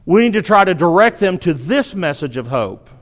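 A male preacher delivers a sermon with a notably high-pitched voice. He speaks earnestly, driving his points home through emphatic repetition. The sound carries a long reverb, as if recorded in a large church hall. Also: sing-song, normal speed.

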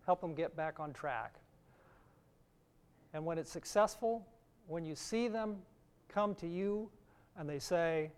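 A man's voice: a little high, unhurried, long pauses, darkish tone, clear, resonant tone. A middle-aged man giving a sermon, teaching earnestly and reading scripture aloud. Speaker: preacher.

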